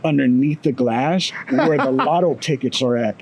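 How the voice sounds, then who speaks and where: An American man co-hosting a podcast, telling a story in a relaxed, profane way, chuckling as he goes. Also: medium pitch, moderate pace, slight background noise, rough recording. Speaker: podcast co-host. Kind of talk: casual storytelling chat.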